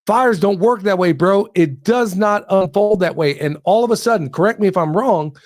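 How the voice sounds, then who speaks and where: A man's voice: sits high, normal speed, darkish tone, dry recording, clean studio sound, faint music behind. Emphatic, hyped male podcast host. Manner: emphatic, hyped, addresses the audience directly. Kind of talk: podcast conversation.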